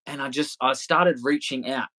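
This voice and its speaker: A man's voice: medium pitch, fairly even intonation, normal speed, pushed and bright. A man in his thirties, a podcast guest telling stories in a loose, rambling way, swearing freely and laughing often. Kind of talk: casual storytelling interview.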